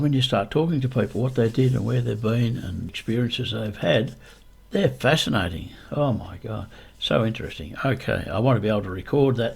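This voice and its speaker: A man practicing a voiceover, speaking low and deep close to the microphone in a deliberate, repetitive self-coaching way. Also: creaky, slightly rough. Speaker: YouTube creator.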